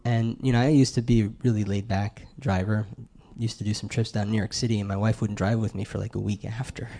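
A man's voice: lowish voice, little pitch movement, fast talker, gravelly, mellow. A middle-aged man preaching in a conversational way, asking the congregation questions and telling stories from his life. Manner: conversational, asks the crowd questions. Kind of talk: sermon.

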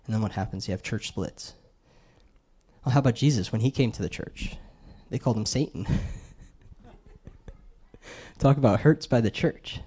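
A man's voice: mid-range voice, moderate pace, long pauses, warm tone, breathy edge. A middle-aged man preaching in a conversational way, asking the congregation questions and telling stories from his life. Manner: conversational, asks the crowd questions. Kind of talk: sermon.

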